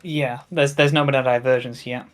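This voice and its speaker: A man co-commentating a live speedrun race, reacting quickly to the action with light teasing. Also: mid-range voice, steady tone.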